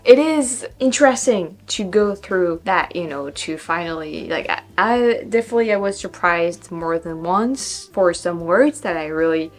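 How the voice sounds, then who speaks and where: A French woman vlogger practices pronunciation casually, with light music behind her. Her voice is fairly low and a little slow with few pauses, and she's animated, repeating words in a questioning tone and laughing often.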